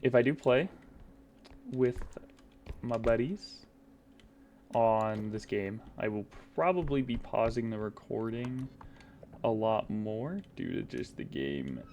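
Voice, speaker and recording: A man rambling through solo gameplay commentary, goofy and self-mocking, now and then slipping into silly high voices. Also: lively intonation, takes it slowly, long pauses, a little mellow. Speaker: gaming YouTuber.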